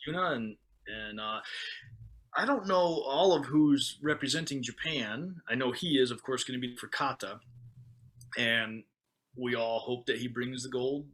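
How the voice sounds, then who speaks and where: A man's voice: mid-range voice, a little slow, a bit bright. Man, podcast guest, casual, thoughtful and easygoing. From United States. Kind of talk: casual chat.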